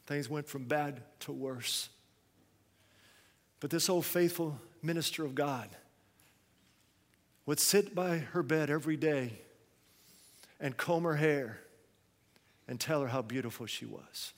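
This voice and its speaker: A male pastor preaching a sermon, swinging between quiet, hushed phrases and loud, raised ones. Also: a little high, slow, pauses often, big-room sound.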